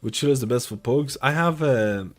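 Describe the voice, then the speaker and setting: A man's voice: mid-range voice, a little fast. A young man streaming live, answering viewer questions in a loose, rambling, chatty way. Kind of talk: casual live-stream chat. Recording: faint music behind.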